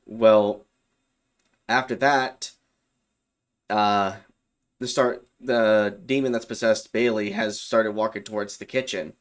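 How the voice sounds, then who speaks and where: Young man, lowish voice, rambling casual storyteller. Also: fairly bright tone. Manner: loose and rambling, with fillers and self-corrections. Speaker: YouTube storyteller.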